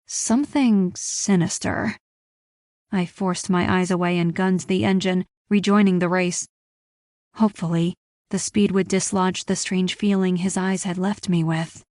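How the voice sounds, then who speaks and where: A woman's voice: lowish voice, steady tone, unhurried, a little mellow, no echo, studio quality. Woman narrating a tense first-person story. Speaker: audiobook narrator.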